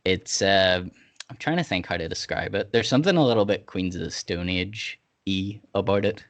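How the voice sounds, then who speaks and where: A man's voice: deep voice, normal speed. Laughing, swearing man hosting a podcast. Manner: laughing often, loose and swearing. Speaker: podcast host. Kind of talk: casual chat.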